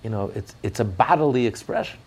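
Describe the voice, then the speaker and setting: A man's voice: medium pitch, animated, fairly quick, vocal fry, breathy edge. A man giving an impassioned sermon as a rabbi, often restarting his words as he searches for them.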